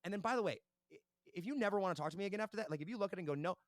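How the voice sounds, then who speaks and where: A young man speaks fast and eagerly as an interview guest, recounting his business deals. His voice sits a little high, and the recording is dry and close. He keeps checking in with "right?" as he goes. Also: animated, dry recording. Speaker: podcast guest, entrepreneur. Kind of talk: casual interview storytelling.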